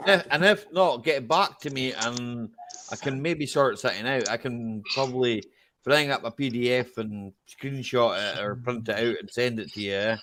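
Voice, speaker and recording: A man's voice: mid-range voice, moderate pace, a bit bright, a little hiss or hum. A Scottish man hosting a live chat stream on a video call, chatty and laughing often, swearing freely. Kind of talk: casual chat.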